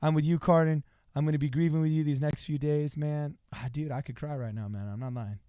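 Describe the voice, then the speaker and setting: A man hosting a livestream in a casual, joking way, reading out viewer messages and reacting loudly to them. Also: on the high side, fairly even intonation, fairly quick, smooth, no room sound, clean studio sound. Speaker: livestream host.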